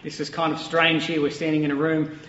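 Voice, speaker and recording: High-voiced pastor in an echoey hall. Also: male voice, level tone, a little fast, a bit bright, muffled recording. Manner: conversational and reflective. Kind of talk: online sermon. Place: empty church building. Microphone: facing a camera.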